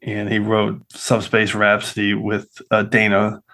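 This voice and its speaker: A man's voice: on the low side, monotone, a little slow, pushed and bright. A man hosting a podcast panel, enthusiastically running through picks and stats in casual chat. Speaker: podcast host.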